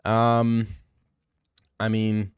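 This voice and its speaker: A man's voice: fairly low pitch, monotone, extremely slow, smooth, no echo. A young man chatting casually on a stream, rambling and swearing freely. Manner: loose, rambling and profane.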